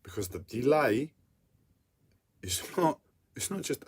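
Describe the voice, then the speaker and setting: A distressed man in an unscripted personal vlog, talking in halting, repetitive bursts with a whiny edge. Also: mid-range voice, big pitch swings, a little hiss or hum. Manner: repetitive, halting, self-interrupting. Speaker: livestreamer.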